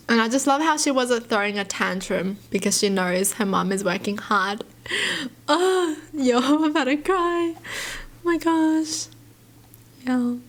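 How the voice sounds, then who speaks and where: A woman's voice: mid-range voice, fairly bright tone. A woman who is a YouTuber reads stories aloud and reacts to them in an emotive, sympathetic, chatty way, with gasps, sighs and lots of "you know". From Australia.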